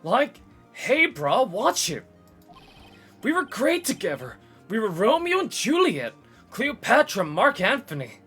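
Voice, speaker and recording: A man voicing an excitable young male surfer dude who talks in drawling bro slang, in a game read-along. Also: extremely high pitch, a little slow, breathy edge, soft background music, voice pushed up, exaggerated voice. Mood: boastful.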